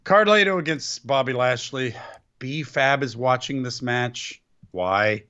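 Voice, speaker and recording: A man's voice: mid-range voice, slow pace, pushed and bright, clean tone. A man co-hosting a podcast, recapping wrestling shows in casual chat with a sarcastic, play-by-play manner. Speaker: podcast co-host. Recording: dull lo-fi podcast audio.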